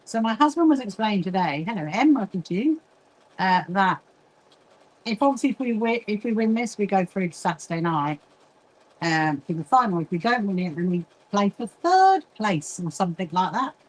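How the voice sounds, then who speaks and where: A woman's voice: mid-range voice, sing-song, moderate pace, poor audio. A middle-aged woman hosting a casual sewing livestream, chatting, greeting viewers by name and getting easily distracted. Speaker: livestream host, quilting association founder.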